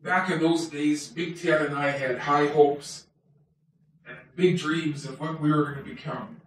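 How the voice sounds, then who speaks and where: A man's voice: a little high, steady tone, unhurried, lightly acted. A man doing a rambling toy wolf, echoey. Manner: rambling, self-mocking storytelling with jokes. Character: chatty male toy wolf telling his life. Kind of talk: homemade comic monologue. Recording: very echoey room, voice far from mic.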